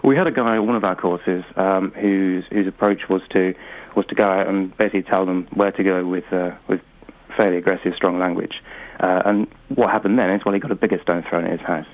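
A man, a guest from a mediation group, explaining patiently and in measured terms, with many pauses and fillers. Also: deep voice, fairly even intonation, narrow, tinny audio. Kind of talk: calm explanatory phone interview. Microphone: phone line.

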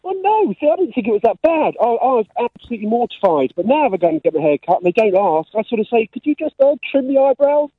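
A man's voice: high voice, animated, fast talker, hardly any pauses, husky, dry recording. Man in his forties on a tinny phone line. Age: 40s. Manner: rambling, self-mocking storyteller. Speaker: radio caller. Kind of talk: casual phone-in chat.

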